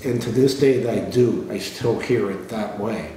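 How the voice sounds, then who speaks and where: A middle-aged man casually telling a personal testimony in a plain, relaxed way, often clearing his throat and restarting. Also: lowish voice, moderate pace. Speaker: father sharing a personal testimony. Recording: echoey room, voice from some distance, faint noise.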